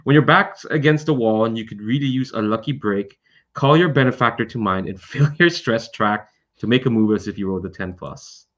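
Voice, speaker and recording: A man's voice: lowish voice, brisk, fairly bright tone. A man playing a tabletop game, describing his character hesitantly with many fillers. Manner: dreamy, hesitant, many likes. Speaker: player. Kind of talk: casual tabletop play. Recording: dull lo-fi mic.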